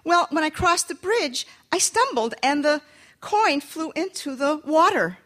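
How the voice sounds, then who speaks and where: A woman's voice: sits high, animated, a little slow, fairly bright tone, pitched above the performer's own voice. A woman voicing a simple-minded, good-natured young boy who stammers eagerly.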